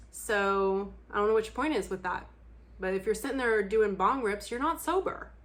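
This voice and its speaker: A woman's voice: mid-range voice, fairly bright tone. A young adult woman talking bluntly and candidly to camera in a casual vlog chat, laughing often and swearing freely. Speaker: book vlogger.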